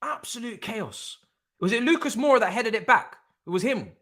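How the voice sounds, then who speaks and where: A young man hosting a live football watch-along, talking excitably, repeating himself and swearing freely. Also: very high voice, normal speed. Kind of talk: live stream reaction commentary.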